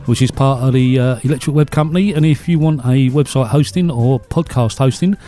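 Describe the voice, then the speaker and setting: A man's voice: medium pitch, brisk, warm tone, soft background music. A man co-hosting a casual podcast chat, chatty and reading announcements aloud. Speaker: podcast co-host.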